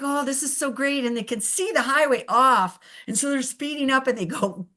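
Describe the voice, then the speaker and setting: A middle-aged woman, a veterinarian guest, telling animated stories in casual chat and often laughing. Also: high-pitched, moderate pace, few pauses. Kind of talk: casual storytelling.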